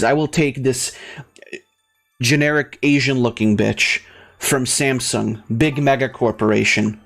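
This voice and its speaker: A man's voice: medium pitch, a little slow, creaky, a bit bright, soft background music. A man doing gameplay commentary in a crude, sarcastic, profane rant. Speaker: let's play host.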